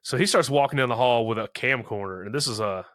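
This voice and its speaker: A man in his thirties chats through a movie recap, loose and rambling, scattering fillers and slipping into the characters' lines. His voice is bright and forward. The sound is dry and close. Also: medium pitch, fast, no echo. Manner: rambling, many "you know" fillers, acts out quotes. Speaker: podcast co-host. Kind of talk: casual movie recap chat.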